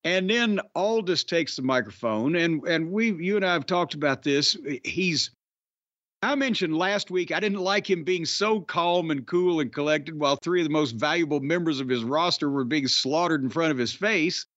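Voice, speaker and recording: High-voiced, profane, sardonic man. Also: normal speed, a bit bright, no room sound. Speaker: podcast host. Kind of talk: casual wrestling podcast chat. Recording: slightly dull, dry podcast audio.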